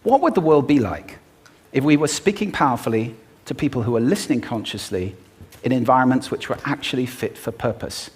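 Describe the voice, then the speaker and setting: Male speaker at a talk, mid-pitched, very expressive intonation, emphatic, with pauses for effect. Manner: animated, emphatic delivery with dramatic pauses. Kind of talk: prepared public talk.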